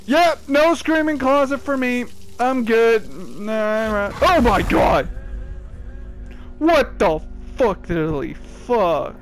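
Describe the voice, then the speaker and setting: A man playing a horror video game and commenting on it, with loud exclamations and a lot of swearing. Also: very high voice, lively intonation, slow pace, over music. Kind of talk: let's play commentary.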